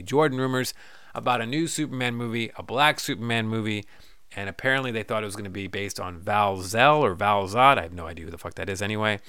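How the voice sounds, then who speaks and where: A man's voice: on the low side, pushed and bright, no room sound, clean studio sound. A man hosting his own podcast, casually ranting and reading listener messages, loose and profane and joking. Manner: loose, profane, joking, breaks into goofy voices. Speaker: podcast host.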